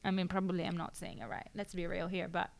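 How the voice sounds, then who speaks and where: A woman's voice: fairly low pitch, little pitch movement, fast talker, creaky, dry recording. A woman co-hosting a podcast, reading listener stories aloud and giggling through casual chat. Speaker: podcast co-host.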